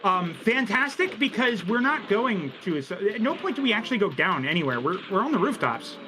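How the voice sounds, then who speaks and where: A man co-commentating a live video game race, animated, teasing and sarcastic. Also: high voice, fairly quick, background noise.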